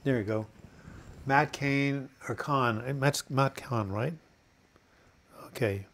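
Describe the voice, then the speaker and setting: A man talks loosely through a live chat with viewers, reading their comments aloud and answering in an earnest, encouraging way. His speech wanders and restarts often, full of fillers. His voice sits at an everyday pitch. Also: slow, a bit bright, slight background noise. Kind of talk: casual unscripted live chat.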